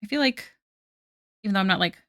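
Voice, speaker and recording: A woman's voice: mid-range voice, animated, quick pace, a bit bright, dry recording, studio quality. A woman streamer chatting casually on a live art stream, self-deprecating and laughing often.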